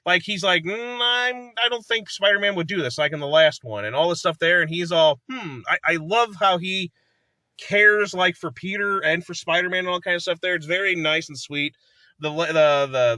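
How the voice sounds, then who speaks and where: A man's voice: fairly high pitch, pushed and bright, dry recording. A man chatting casually in a movie review, rambling and enthusiastic, laughing often and acting out lines from the film.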